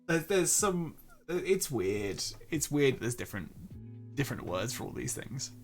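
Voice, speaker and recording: Young man, English accent, casual stream chat, self-deprecating, middling pitch, faint music behind. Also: big pitch swings, measured pace, gravelly. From England. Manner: chatty, self-deprecating, stumbles and restarts often. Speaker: streamer host.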